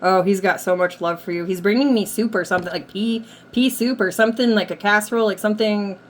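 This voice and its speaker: A woman's voice: mid-range voice, fairly even intonation, quick pace, a little hiss or hum. A woman working as a medium, passing on messages from the dead during a reading, with a lot of hedging and "like". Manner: relays messages, hedging with many likes. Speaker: psychic medium. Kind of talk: spirit reading session.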